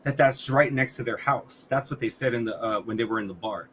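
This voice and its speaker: A man's voice: mid-range voice, a little fast, fairly bright tone, slight background noise. A man co-hosting a podcast, reviewing a movie in casual chat, blunt and swearing often, with many restarts. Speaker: podcast co-host.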